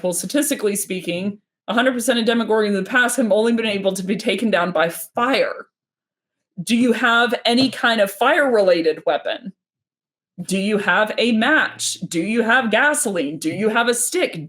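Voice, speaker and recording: A woman in her thirties hosting a live stream, casual and animated, acting out little quoted exchanges as she explains. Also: mid-range voice. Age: 30s. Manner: animated, nerdy, acts out quoted dialogue.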